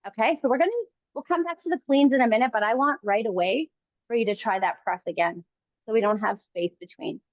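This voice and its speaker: A woman coaching a kettlebell workout live, giving calm encouraging cues in short phrases. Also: a little high, fairly quick, no echo, lo-fi sound. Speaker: fitness coach.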